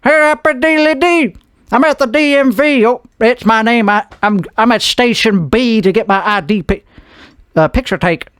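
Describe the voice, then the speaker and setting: A man's voice: very high voice, moderate pace, fairly bright tone, clean tone, dry recording, clean studio sound, voice pushed up. A man doing a giddy, singsong hick voice. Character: cheerful hick man at the DMV.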